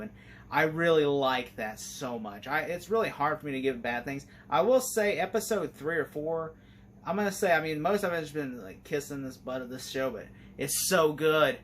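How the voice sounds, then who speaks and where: A man's voice: medium pitch, normal speed, a little hiss or hum. A man giving a casual spoken review of a TV series, rambling and enthusiastic, filling his talk with "like". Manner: rambling and enthusiastic, heavy use of "like".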